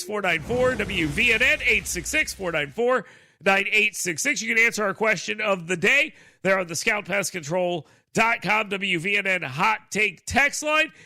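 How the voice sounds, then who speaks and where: Sarcastic talk radio host, high gravelly voice. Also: male voice, no room sound, clean studio sound. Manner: sarcastic, mocking, animated asides.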